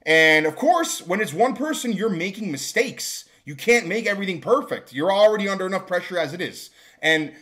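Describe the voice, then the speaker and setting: This vlogger, a man whose voice sits high, tells a work story in a storytime monologue, talking fairly quickly with lively intonation and few pauses. His exasperation mounts into shouting rants.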